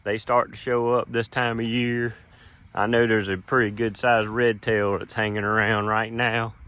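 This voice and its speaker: Filming his dove field on a handheld camera as he walks, a middle-aged land manager gives a casual outdoor vlog in a rural field. His fairly low voice stays level in pitch at normal speed, pushed and bright yet clear and resonant. He rambles in a folksy way with many fillers and is a little out of breath.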